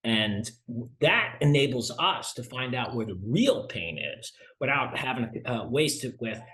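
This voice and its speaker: A middle-aged man, a sales consultant being interviewed, who talks in a lively way and acts out dialogue while telling stories. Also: medium pitch, a little slow. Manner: animated storyteller, acts out dialogue. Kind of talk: conversational interview.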